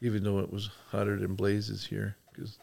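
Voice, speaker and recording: A man's voice: fairly low pitch, completely flat delivery, moderate pace, vocal fry, a little mellow. A middle-aged man from Michigan, a podcast guest, telling folksy rambling stories with lots of fillers. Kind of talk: casual storytelling chat.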